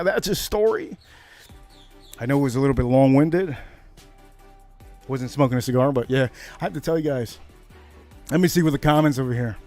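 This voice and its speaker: A man hosting a livestream, telling a story to his chat in a loose, excitable way with loud bursts and swearing. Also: on the high side. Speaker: livestream host. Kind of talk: casual storytelling to a live chat.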